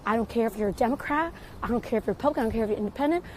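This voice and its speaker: A woman's voice: on the high side, rapid-fire, a little mellow. A woman giving casual political commentary in an emphatic, insistent way. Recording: noisy recording.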